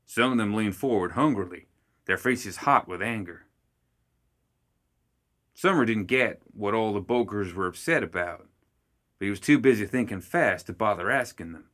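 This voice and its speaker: A male storyteller narrating a story in steady, measured tones. His voice sits fairly low yet comes across bright and forceful. He reads the narration at an even pace. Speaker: audiobook reader. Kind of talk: scripted narration.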